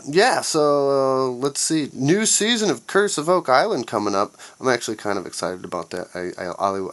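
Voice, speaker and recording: Low-voiced man on an angry podcast rant. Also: fairly bright tone. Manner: angry, profane, sarcastic. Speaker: podcast host.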